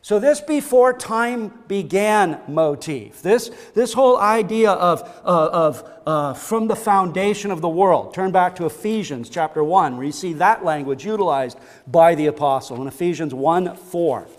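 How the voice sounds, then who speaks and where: A man with a notably high voice preaches a sermon in a church hall, his words ringing with a long echo. He drives his points home by piling up short repeated phrases, stumbling and restarting now and then. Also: lively intonation, unhurried. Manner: emphatic, repeats phrases for stress, frequent restarts. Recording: long reverb of a large hall.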